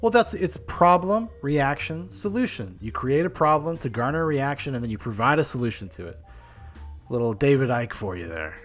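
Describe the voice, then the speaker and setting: A man's voice: mid-range voice, very animated, moderate pace, faint music behind. Blunt, opinionated podcast co-host man. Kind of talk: casual podcast chat.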